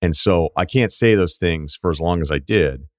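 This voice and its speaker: A deep-voiced middle-aged man hosts a podcast in a loose, chatty way. He tells stories emphatically, tossing in quick asides. His voice sits close and dry on the studio mic. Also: no room sound. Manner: emphatic storytelling, quick asides, frequent laughs. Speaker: podcast host. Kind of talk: casual chat.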